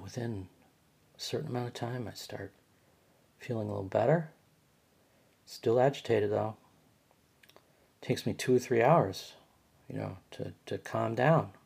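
Male host, middle-pitched, husky; rambling, agitated personal monologue. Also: darkish tone. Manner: rambling, repeats and restarts words; agitated, complaining. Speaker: podcast host.

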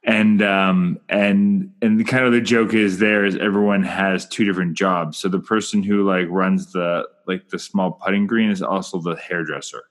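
Low-voiced man musing on film. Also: steady tone, moderate pace, hardly any pauses. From Ontario, Canada. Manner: musing, trails off into restarts. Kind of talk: casual film discussion.

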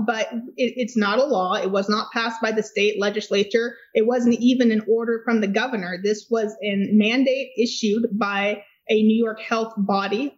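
A woman's voice: fairly high pitch, darkish tone, highs cut off. A woman attorney talking as a guest in a legal discussion, speaking emphatically and articulately, with dry sardonic asides.

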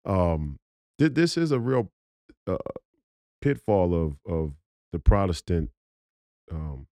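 A man's voice: sits low, lively intonation, slow, warm tone, dry recording, clean studio sound. A man co-hosting a podcast, talking at length in a lecturing way with many restarts. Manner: lecturing, wordy, stumbles on restarts. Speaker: podcast co-host. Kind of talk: casual podcast talk.

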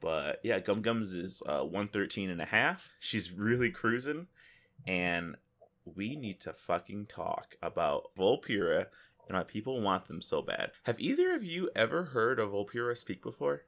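Animated low-voiced man on a podcast. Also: normal speed. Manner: animated, breaks into exaggerated voices for jokes. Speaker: podcast co-host. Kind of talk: casual gaming podcast chat.

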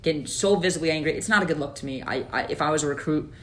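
Animated young guy talking sports. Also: fairly high pitch, racing, a little hiss or hum. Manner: animated, opinionated, lots of fillers. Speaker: podcast co-host. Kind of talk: casual sports podcast chat.

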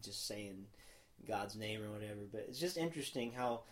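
A man's voice: lowish voice, expressive, moderate pace. A man hosting a podcast, talking earnestly and reflectively about a worship song, often trailing off mid-thought. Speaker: podcast host. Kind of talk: casual chat with worship singing. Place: podcast studio.

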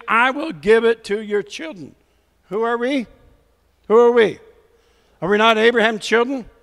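A man preaching a sermon in a notably high voice, speaking slowly and deliberately. He exhorts his listeners and repeats calls for a response between scripture readings. His voice rings with the long reverb of a big hall. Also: fairly bright tone. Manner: exhorting, repeats "come on" to rouse the congregation; reads scripture aloud with emphasis.

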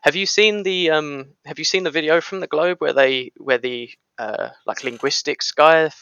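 Bright gravelly Englishman on a dry mic. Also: fairly high pitch, normal speed, no room sound, highs cut off. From England. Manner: hesitant, many "uh" and "um", wry asides. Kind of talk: casual podcast discussion.

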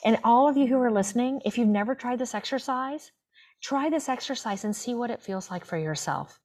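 A woman's voice: a little high, lively intonation, brisk, a little mellow. A woman in her fifties telling a personal story as an interview guest, heartfelt and emphatic, often restarting her words. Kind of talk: casual interview chat.

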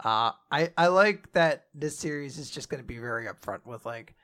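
A man co-hosting a casual podcast, retelling an animated episode and laughing often. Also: medium pitch, normal speed. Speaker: podcast co-host recapping an anime episode. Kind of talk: casual chat.

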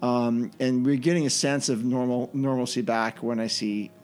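A man's voice: medium pitch, steady tone, moderate pace, a little mellow, clear, resonant tone, soft background music. A man hosting a casual podcast, talking loosely with frequent ums and restarts. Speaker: podcast host. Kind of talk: casual chat.

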